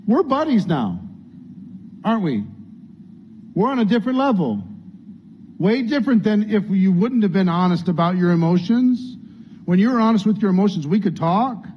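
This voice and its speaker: High voiced guy coaching a group, earnest and chatty, kinda dull lo-fi audio. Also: a little hiss or hum. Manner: earnest, conversational, acts out what people say. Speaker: business coach. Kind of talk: coaching talk to a training group. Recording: dull lo-fi sound, faint room ambience.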